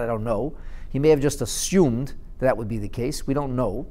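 A man teaching a Talmud lesson, telling the story in a lively, wry way and mixing Aramaic quotes into English. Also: medium pitch, a little fast.

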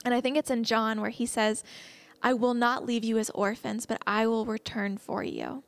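A young woman delivers a casual sermon in a slightly high voice. She talks in an earnest, conversational way, reading verses and reflecting on them. The sound is dry and close, with little room around it. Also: normal speed, gravelly, dry recording. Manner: earnest and conversational, slips into excited laughs. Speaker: speaker teaching a Bible message.

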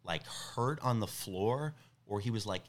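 A man's voice: on the low side, a little slow. Rambling young man telling a story. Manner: rambling, animated, lots of fillers and restarts. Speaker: podcast guest. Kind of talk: casual storytelling chat.

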